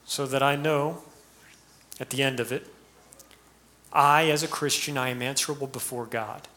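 A man's voice: mid-range voice, fairly even intonation, moderate pace, bright, forceful tone. A man with an American accent, a pastor giving an earnest sermon full of rhetorical questions and rising emphasis.

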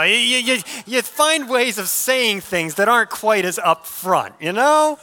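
A male pastor preaches a sermon in a lively, conversational manner, often turning aside to address the congregation. His voice is a little high.

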